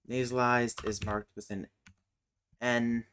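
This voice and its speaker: A man streaming casually, thinking aloud as he works, muttering and humming to himself with many hesitant pauses. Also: mid-range voice, little pitch movement, a bit bright, a little hiss or hum. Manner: mutters and hums to himself while working; slow, hesitant, with many fillers.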